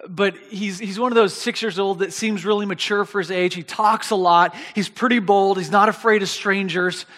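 A man preaching a sermon, telling a story in an animated way and often restarting and repeating words, with his voice rising to near shouting at the big moments. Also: high-pitched, moderate pace, long reverb tail. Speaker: pastor.

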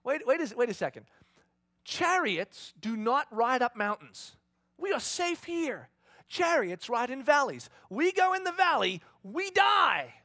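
A man's voice: extremely high pitch, big pitch swings, a little slow, sharp tone, no echo, clean studio sound, pitched above the performer's own voice, heavily acted. A man voicing a cautious, hesitant male army commander who protests nervously, as part of a sermon. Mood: alarmed.

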